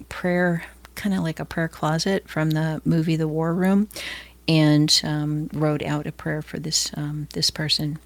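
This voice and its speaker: A middle-aged woman from Los Angeles speaks in a loose, conversational devotional manner. Her voice sits fairly low with a gravelly edge, and she stops, restarts and fills pauses with ums. The sound is dry and close. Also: a bit bright, no room sound. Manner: conversational, many fillers and restarts. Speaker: Christian speaker. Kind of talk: informal devotional talk.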